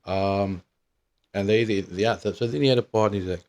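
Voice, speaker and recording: A man's voice: sits low, fairly even intonation, normal speed, darkish tone. A man in his thirties telling a meandering, profanity-laden story in a casual monologue. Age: 30s. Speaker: vlogger.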